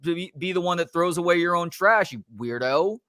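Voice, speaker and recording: A middle-aged male sports talk host tells a story with exasperated, animated energy, swearing now and then. His voice sits a little high. It sounds dry and close to the mic. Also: brisk, clean tone, no room sound. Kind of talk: casual storytelling on a live show.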